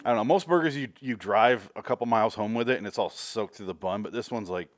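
A man's voice: lowish voice, fast talker. A man co-hosting a casual movie review chat, rambling and wry, often laughing. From Canada. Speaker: podcast co-host.

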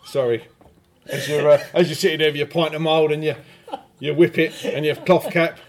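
A man's voice: fairly high pitch, fairly even intonation, normal speed. A man with a southern English accent co-hosting a podcast in casual chat, agreeable and full of yeahs. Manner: chatty, agreeable, lots of yeahs. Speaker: podcast co-host.

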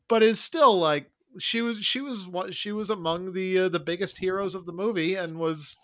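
A man's voice: sits high, moderate pace, few pauses, a bit bright. A man discussing a movie casually as a podcast co-host, thoughtful and wry, hedging his points.

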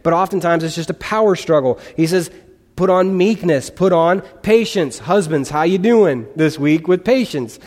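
In a church sanctuary, a male pastor preaches earnestly and conversationally, posing questions to his congregation. His voice is fairly high-pitched and darkish in tone, at a normal pace. The long reverb of a large hall fills the recording.

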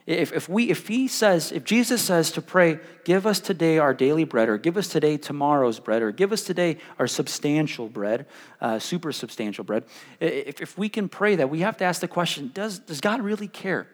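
A young man preaching a sermon as pastor, animated and stumbling over repeated words, swinging between loud and hushed. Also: fairly high pitch, normal speed. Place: church hall. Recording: live in a reverberant church hall.

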